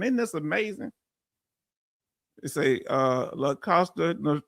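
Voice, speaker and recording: High-voiced Texan man, blunt talk. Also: slow, a bit bright, no echo, clean studio sound. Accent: Southern US, Texan. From Houston, Texas. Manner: blunt, straight-talking, addresses chat directly. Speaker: livestream host. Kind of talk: casual livestream chat.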